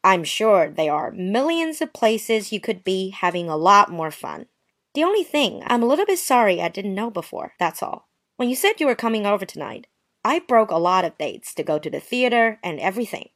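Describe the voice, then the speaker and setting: A woman's voice: medium pitch, big pitch swings, normal speed, a bit bright. A woman voicing a touchy, prim young woman who answers with sarcastic, wounded politeness in a dramatized story. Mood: offended. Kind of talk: dramatized short story reading.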